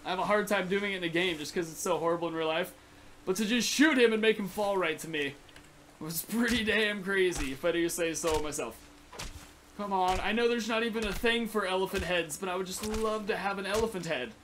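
A young man narrating his own game session, chatting aloud to the creatures he hunts and breaking into startled yells and curses. His voice sits high and sounds bright. A faint hiss lies under the recording. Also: fairly quick. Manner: excitable, swearing, yelps and shouts at sudden danger; chatty rambling to animals in the game. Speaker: gaming channel host. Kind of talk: Let's Play commentary.

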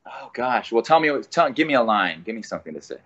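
A man's voice: medium pitch, quick pace, slightly rough, dull audio. A man, a voice actor guest, talking enthusiastically in a casual podcast interview. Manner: enthusiastic, animated storyteller.

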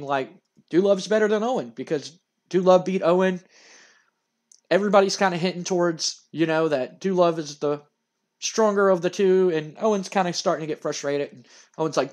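A man's voice: fairly high pitch, fairly quick. A man hosting a let's-play, recapping a wrestling game in a loose, rambling way with frequent "uh"s. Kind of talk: casual game commentary.

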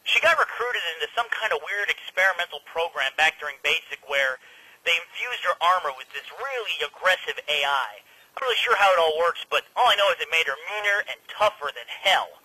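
A short-tempered cartoon soldier who snaps at his teammates with dry, exasperated sarcasm. His voice is cutting and very bright, with a husky edge. It sits slightly above the usual male pitch. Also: animated, fairly quick, exaggerated voice, poor audio. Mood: exasperated sarcastic. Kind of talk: animated comedy series dialogue.

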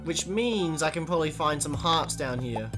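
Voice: mid-range voice, animated, normal speed, loud music behind the voice. A let's play host giving chatty, exclaiming commentary while playing, talking back to the game's characters. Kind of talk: casual gameplay commentary.

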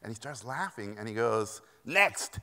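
A man gives an animated storytelling keynote from a conference stage. His voice is bright and forward. The sound carries a long hall reverb. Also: medium pitch, normal speed. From Mexico. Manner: lively, animated anecdotes, laughing often. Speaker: keynote speaker.

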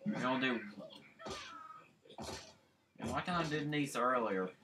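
Slow-talking, rambling gamer guy. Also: mid-range voice, animated. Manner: rambling, talks to himself while playing. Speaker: gaming channel host. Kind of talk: let's play commentary.

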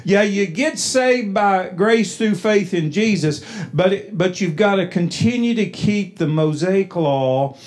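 Slow, high-voiced American preacher. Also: male voice, expressive. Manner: folksy preaching, frequent restarts, rises to loud emphatic passages. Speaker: pastor. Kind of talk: sermon. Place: church sanctuary.

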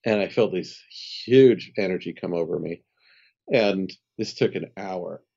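A very low-voiced man in his fifties with a mellow, dark tone tells his story as a guest on an interview podcast. He is animated and conversational, slipping into the voices of the people in his anecdote. The audio is slightly dull and lo-fi. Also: measured pace, creaky. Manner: animated storyteller who acts out dialogue and laughs often. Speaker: guest, spiritual healer.

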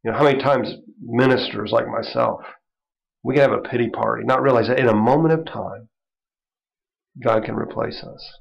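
Gravelly man teaching a Bible lesson. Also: medium pitch, moderate pace. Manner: conversational, chuckling, lots of "you know". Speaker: minister teaching a Bible study. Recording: dull lo-fi recording.

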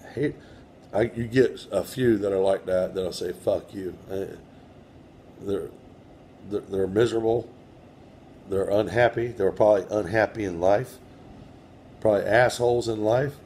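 A man's voice: on the low side, dark tone, a little hiss or hum. A man in his own house running a spirit box session, speaking casually with blunt, profane defiance and talking back to whatever he hears. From United States. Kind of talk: casual talk to camera and to spirits.

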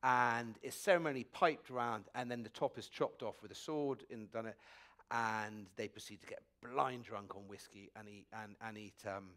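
An English food critic in his forties chatting onstage at a festival, wry and quick, with frequent laughs and restarts. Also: lowish voice, a bit bright. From England. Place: festival stage before an audience.

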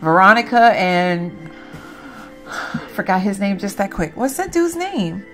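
A woman's voice: fairly low pitch, very animated, measured pace, long pauses, fairly bright tone, soft background music. A woman hosting a let's play, chatting to her viewers as she plays and laughing at herself. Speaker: gaming channel host.

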